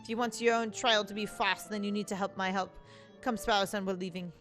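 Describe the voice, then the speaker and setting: A woman's voice: medium pitch, fairly even intonation, fairly quick, fairly bright tone, faint music behind, lightly acted. A woman reading a blunt male bird defense lawyer in a game, brusque and commanding. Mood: pressing.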